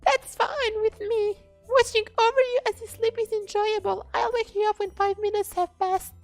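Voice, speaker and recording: A man voicing a clingy, sweet female kraken monster girl in an eager, doting falsetto while reading a game's dialogue. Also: level tone, moderate pace, creaky, no echo, faint music behind. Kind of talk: reading game dialogue aloud.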